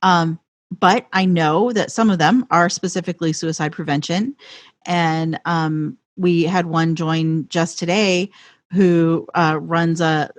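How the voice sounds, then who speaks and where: A woman hosting an interview, asking thoughtful, measured questions. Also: deep voice, no echo. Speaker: podcast host. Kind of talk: conversational interview.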